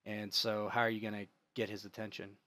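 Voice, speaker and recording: A man's voice: on the low side, little pitch movement, fairly quick, sharp tone, no echo. Guy running a tabletop game, rambly, super dry mic. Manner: rambling, with many fillers and restarts. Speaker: game master.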